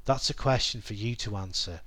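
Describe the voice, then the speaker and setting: A man hosting a solo educational podcast, explaining things in a measured way with frequent ums. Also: lowish voice, pushed and bright, slightly rough, dry recording. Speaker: podcast host.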